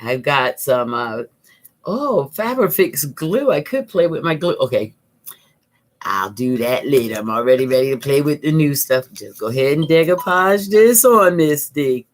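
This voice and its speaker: A woman giving a casual crafting tutorial, chatty and calm, thinking aloud while she works. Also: deep voice, measured pace. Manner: calm, soothing. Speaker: craft vlogger.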